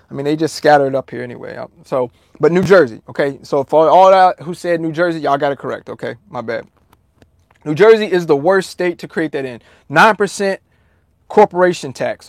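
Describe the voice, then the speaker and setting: Profane, animated man talking to his chat. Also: high voice, no room sound, studio quality. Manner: profane, animated, repetitive, addresses chat directly. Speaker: livestream host answering chat. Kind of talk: casual livestream talk.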